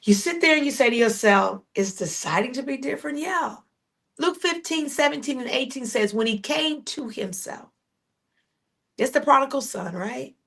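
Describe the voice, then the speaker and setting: Speaking in a high-pitched, lively voice with vocal fry, a woman podcast host preaches a sermon. She uses repeated refrains and asks her listeners direct questions, shifting between quick storytelling and slow, drawn-out declarations.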